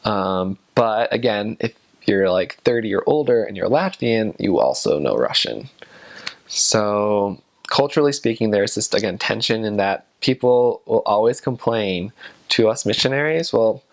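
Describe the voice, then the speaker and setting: A young man talks loosely to the camera in a rambling way, hedging often as he explains. His voice sits a little low and has plenty of gravelly vocal fry. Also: animated, unhurried. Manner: loose, rambling talk full of hedges. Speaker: returned missionary.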